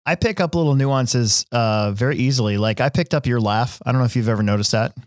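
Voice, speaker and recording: A man's voice: mid-range voice, brisk, no echo, studio quality. A man from Nebraska hosting a podcast, telling stories in a rambling casual way with lots of fillers and restarts. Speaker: podcast host. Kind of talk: casual chat.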